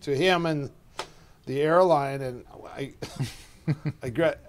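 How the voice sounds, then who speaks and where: A middle-aged man who coaches martial arts, telling casual stories in an animated way, acting out quoted voices and often restarting his sentences. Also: fairly high pitch, takes it slowly, a little hiss or hum. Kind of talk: casual storytelling.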